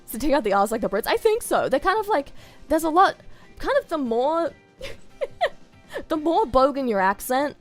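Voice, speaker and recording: Giggly Australian woman streamer, lively pitch. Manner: giggly, chatty, rambling tangents. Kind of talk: casual stream chat.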